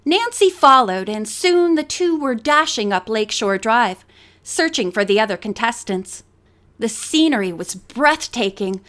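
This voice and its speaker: High-voiced woman reading a story slowly. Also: fairly bright tone. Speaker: audiobook narrator. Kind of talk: audiobook reading.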